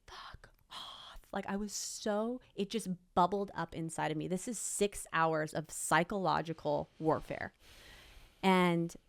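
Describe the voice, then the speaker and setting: Low-voiced woman telling a raw story. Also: creaky, no room sound. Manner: emotional, emphatic retelling with quoted dialogue. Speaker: interview guest. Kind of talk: candid personal storytelling.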